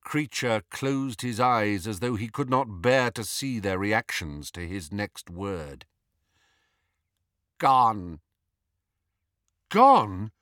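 A man reading a novel aloud as an audiobook narrator, in measured and expressive storytelling. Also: fairly low pitch, no room sound, studio quality. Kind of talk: scripted narration.

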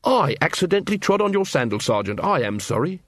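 A man reading a story aloud, voicing an earnest, courteous young watch corporal who speaks deliberately. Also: on the high side, sing-song, no echo, studio quality, voice pushed up. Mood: polite.

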